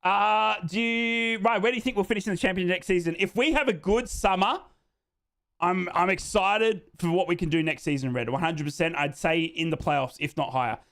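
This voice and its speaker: A man's voice: sits high, a little fast, fairly bright tone. An Australian man hosting a live football watchalong, chatting casually and reading out fan comments. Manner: chatty, jokey, repeats himself, says "mate".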